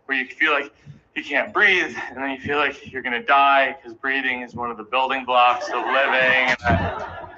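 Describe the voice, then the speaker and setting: A man's voice: medium pitch, normal speed. Self-deprecating man doing stand-up. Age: 30s. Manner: self-deprecating, anxious, animated storytelling. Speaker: stand-up comedian. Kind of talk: stand-up comedy storytelling. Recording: dull, noisy live recording.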